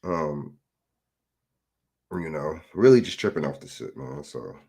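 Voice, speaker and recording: A man's voice: rumbling low, expressive, measured pace, creaky, dark tone, breathy edge. A man, ranting casually into a phone, rambling and profane with repeated rhetorical questions. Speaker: commentator. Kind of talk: casual political rant.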